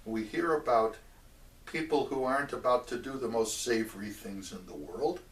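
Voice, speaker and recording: A man telling a religious story in a measured way, stopping for asides to the listener. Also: medium pitch, a bit bright. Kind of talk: oral storytelling of a religious tale. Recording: roomy echo, mic at a distance.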